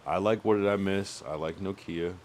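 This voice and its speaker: A young man on a livestream, chatting loosely and cursing freely as he rambles. His voice sits very low. A soft hum of room ambience runs underneath. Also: normal speed. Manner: rambling, profane, thinks aloud about music. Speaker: streamer. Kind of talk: casual livestream chat.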